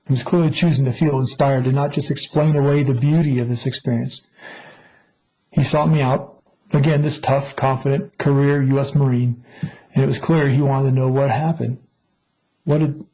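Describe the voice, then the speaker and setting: Middle-aged man, husky voice, earnest testimony, measured delivery with pauses. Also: medium pitch, mellow, rough recording. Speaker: mountain rescuer telling a story. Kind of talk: personal testimony talk.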